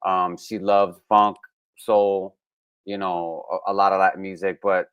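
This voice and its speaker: Low-voiced, smooth Brooklyn man. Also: unhurried, no room sound, lo-fi sound. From Brooklyn, New York. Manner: relaxed, with frequent fillers and restarts. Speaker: musician guest. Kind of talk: casual interview.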